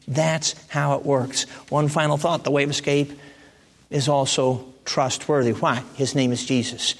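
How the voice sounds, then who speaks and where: A man preaching a sermon in a conversational way, jumping to emphatic high peaks and then dropping to soft, hushed lines. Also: little pitch movement, measured pace. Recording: long reverb of a large hall.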